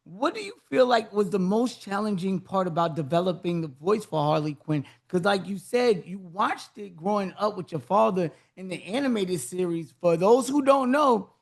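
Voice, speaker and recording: A podcast host interviewing a guest, hyped and encouraging, giving big shout-outs. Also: mid-range voice, expressive, normal speed, vocal fry, few pauses.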